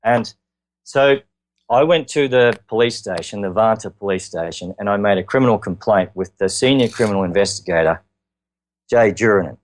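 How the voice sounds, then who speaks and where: A man with an Australian accent and a somewhat low voice recounts his own story as an interview guest. He speaks earnestly and haltingly, with plenty of filler words along the way.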